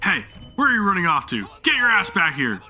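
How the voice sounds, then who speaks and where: A man doing a loud, furious gang boss. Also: high-pitched, huge pitch swings, fairly quick, faint music behind, voice pushed up, full character voice. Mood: angry, shouting. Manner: shouting, sneering. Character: hot-tempered male gang boss, loud and scornful. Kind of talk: reading game dialogue aloud in voices.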